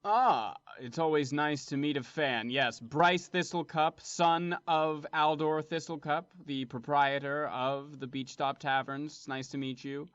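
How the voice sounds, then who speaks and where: A man's voice: a little high, fairly even intonation, a little slow, hardly any pauses, fairly bright tone, clean tone, no echo, lo-fi sound. A man playing a wealthy, self-assured young nobleman in a tabletop game, speaking in a pompous, smug way.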